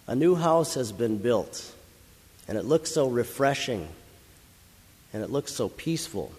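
Slow, earnest preacher in an echoing hall. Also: male voice, mid-range voice. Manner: earnest, dramatic, builds to loud emphasis. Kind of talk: sermon with vivid storytelling. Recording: long hall reverb.

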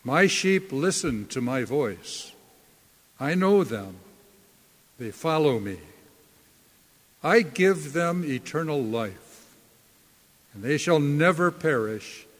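A man preaching a sermon as a pastor, slow and deliberate, leaning hard on key words. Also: on the high side, animated, long reverb tail.

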